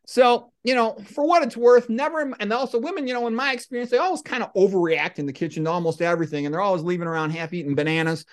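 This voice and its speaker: A middle-aged man hosting a podcast, telling comic stories in a deadpan, rambling way with lots of asides. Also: sits high, fast, few pauses. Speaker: podcast host. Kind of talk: comic monologue and storytelling.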